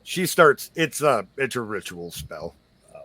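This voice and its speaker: Lively male game master. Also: medium pitch, a little slow, husky. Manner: relaxed, hesitant narration with fillers. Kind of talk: narrating a tabletop game.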